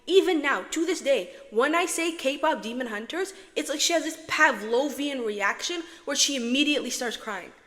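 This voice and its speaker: A woman's voice: high voice, lively intonation, moderate pace, hardly any pauses, fairly bright tone. Chatty young woman with heavy echo. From Morocco. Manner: chatty, dramatic, self-talking. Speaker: vlogger. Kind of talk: casual chat vlog. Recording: echoey reverb from an echo setting.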